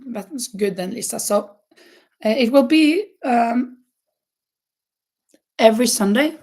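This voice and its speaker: A woman's voice: fairly high pitch, expressive, slow pace, long pauses, darkish tone. A woman hosting a crochet livestream, chatting casually with viewers, with many fillers and restarts and frequent laughs. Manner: laughs often.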